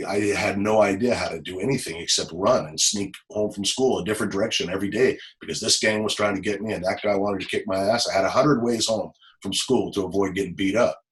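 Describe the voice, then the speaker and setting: Brief: middle-aged ex-cop from Los Angeles, lowish voice, emotional, stumbling storytelling. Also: male voice, fairly bright tone, rough recording. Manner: halting, repeats words, emotional. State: close to tears. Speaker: former police officer. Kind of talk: personal storytelling in an interview.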